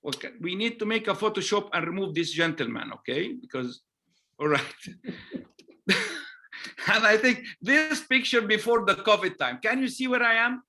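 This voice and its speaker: High, bright-voiced Egyptian man. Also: moderate pace. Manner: animated, anecdotal, with frequent "okay?" asides. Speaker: gynecologist giving a conference talk. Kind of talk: storytelling conference lecture.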